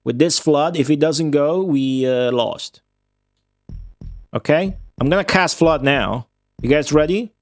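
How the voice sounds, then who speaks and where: Soft background music plays under a clean, dry studio recording of a man with a fairly high voice speaking at a measured pace. His first language is Italian, but he commentates his live gameplay and chats with viewers in English, with a slight Midwestern accent tinged with Australian. His talk is rambling, casual and full of swearing.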